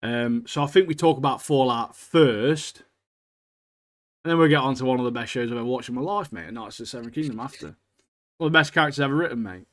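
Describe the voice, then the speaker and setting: A man's voice: medium pitch, fast, a bit bright. Slangy, enthusiastic man. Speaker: podcast co-host. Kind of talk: casual chat.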